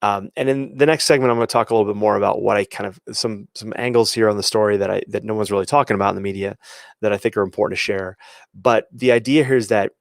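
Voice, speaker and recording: Low gravelly guy ranting about athletes, lots of restarts, dry sound. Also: fairly even intonation, fast talker, no room sound. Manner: emphatic, talks in restarts and quoted asides. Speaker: podcast host and athletic coach. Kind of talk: opinionated solo commentary.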